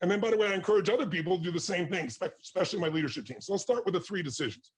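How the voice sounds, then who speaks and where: A man's voice: high voice, racing, breathy edge. A man giving an intense, passionate motivational talk, speaking with full force to an interviewer and audience.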